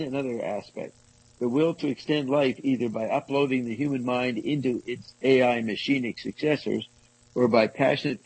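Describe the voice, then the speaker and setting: A man reading passages from a book aloud to a small group and commenting on them, halting and rereading lines as he goes. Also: mid-range voice, darkish tone, breathy edge, no room sound, low-quality recording. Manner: halting, restarts and rereads passages, asides to listeners. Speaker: discussion leader reading from a book.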